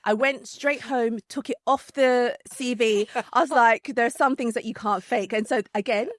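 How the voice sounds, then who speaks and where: A woman with a London accent, a podcast guest telling a story in casual chat, animated, laughing often, with many fillers and restarts. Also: fairly high pitch, normal speed, no room sound.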